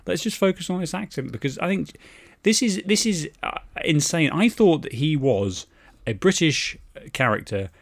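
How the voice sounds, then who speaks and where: A man co-hosting a podcast, talking in excited, incredulous rambles. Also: on the high side, normal speed, gravelly. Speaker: podcast co-host. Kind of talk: casual chat.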